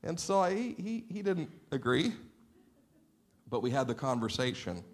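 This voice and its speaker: A middle-aged man preaching a sermon in a church sanctuary, a lively and playful storyteller who acts out the dialogue in his anecdotes. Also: mid-range voice, normal speed. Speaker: pastor.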